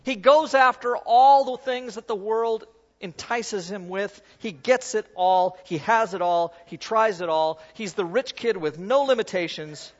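Male pastor, high-pitched, casual demo-style preaching; muffled recording in a big echoing hall. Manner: conversational, self-deprecating, demonstrates while talking. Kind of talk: sermon with a live object lesson. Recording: dull sound in a reverberant hall.

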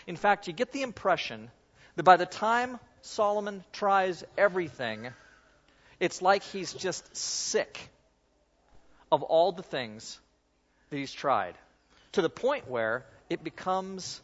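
Preacher guy, kinda high voice, chatty sermon, long hall echo, dull sound. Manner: conversational, self-deprecating, demonstrates while talking. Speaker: pastor. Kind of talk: sermon with a live object lesson.

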